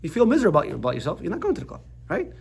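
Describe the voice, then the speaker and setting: Excitable man teaching a class. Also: a little high, racing, gravelly, a little hiss or hum. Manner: excitable, jumps between explanation and jokes. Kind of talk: animated class lesson.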